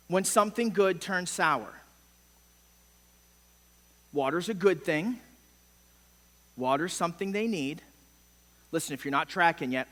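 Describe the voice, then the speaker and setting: A man's voice: a little high, fairly bright tone. A middle-aged man preaching a sermon as pastor, impassioned and emphatic, with sudden swells and drops in force. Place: church sanctuary. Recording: long church hall reverb.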